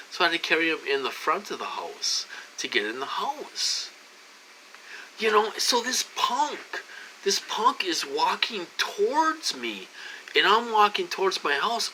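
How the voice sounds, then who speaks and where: Man, forties, chatty vlogger; bright, fairly high voice, rambling with restarts; faint room noise. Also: low-quality recording. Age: 40s. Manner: rambling, restarts, addresses viewers as "you guys"; gets loud and agitated when retelling a confrontation. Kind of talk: casual rambling vlog monologue.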